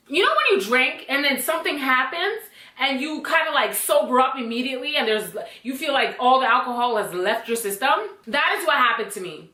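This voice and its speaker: A woman telling a personal story to camera in a casual, blunt, animated way, swearing freely. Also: high-pitched, echoey room. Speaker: storytime vlogger.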